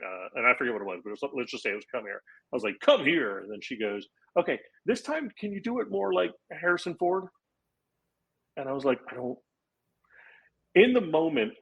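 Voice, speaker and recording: Comedian guy from florida, forties, husky lowish voice, animated storytelling on a podcast. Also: poor audio. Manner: animated anecdote-telling with acted-out quotes and laughs. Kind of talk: casual storytelling chat.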